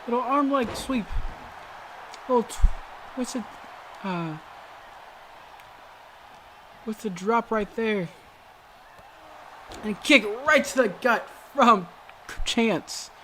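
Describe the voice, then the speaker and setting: Woman gaming host, raised pitch, excitable play-by-play commentator, hesitant with fillers, faint hiss behind. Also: slow pace, pauses often. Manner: excited calls with sudden exclamations; hesitant fillers and self-corrections.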